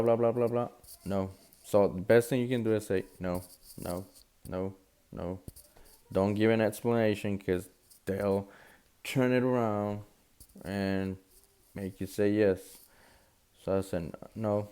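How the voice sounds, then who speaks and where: A man's voice: lowish voice, level tone, unhurried, warm tone, clean tone. A young man casually retelling a personal story in a slangy, conversational way, acting out the quoted lines.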